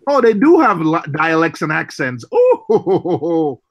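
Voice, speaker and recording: A man's voice: a little high, huge pitch swings, moderate pace, dull audio. A man hosting a casual group livestream chat. He laughs easily and trails off and restarts mid-sentence. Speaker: livestream host.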